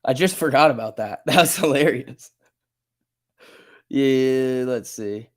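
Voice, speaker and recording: A man's voice: mid-range voice, slow. A man hosting a casual stock market livestream, chatting and laughing often as he reads chat and tells stories. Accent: New Jersey.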